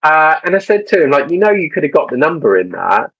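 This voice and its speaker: Casual dating coach, young man, husky voice, rambling storyteller. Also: on the high side, very animated, fast talker, fairly bright tone, low-quality recording. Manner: rambling, many restarts and fillers.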